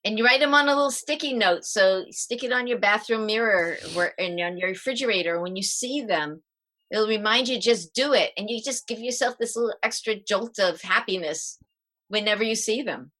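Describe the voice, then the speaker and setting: A middle-aged woman, a parenting coach, explaining calming techniques as a podcast guest in a lively way and acting out the steps. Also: medium pitch, normal speed. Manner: lively, demonstrating exercises as she explains.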